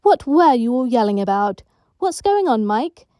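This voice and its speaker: A woman doing a weary, quiet care worker. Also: fairly high pitch, no echo, clean studio sound. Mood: patient. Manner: calm, quiet, measured.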